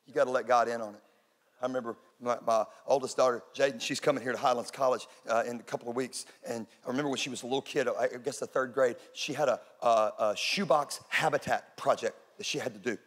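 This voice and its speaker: A Texan man in his forties, a pastor preaching a sermon, telling stories and building to loud peaks. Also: medium pitch, steady tone, quick pace. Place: church auditorium. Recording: large room with long reverb.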